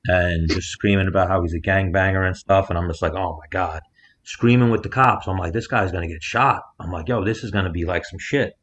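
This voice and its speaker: A man co-hosting a podcast, telling a story in casual chat and loudly acting out the people in it. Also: low-pitched, brisk, hardly any pauses. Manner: animated storyteller, acts out quotes loudly. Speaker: podcast co-host. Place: rented house, remote call.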